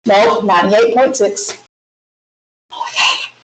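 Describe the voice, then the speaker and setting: A woman's voice: medium pitch, takes it slowly. Woman, Southern US accent, math instructor, recorded lecture, chatty folksy asides, echoey classroom, faint hiss. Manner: chatty, folksy asides while working problems.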